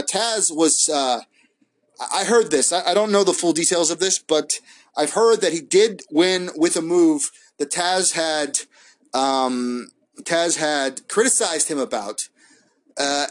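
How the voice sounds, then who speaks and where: A man's voice: fairly high pitch, measured pace. A man casually reviewing wrestling episodes on his own show, rambling and hesitant, full of fillers and restarts. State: high. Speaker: wrestling podcast host.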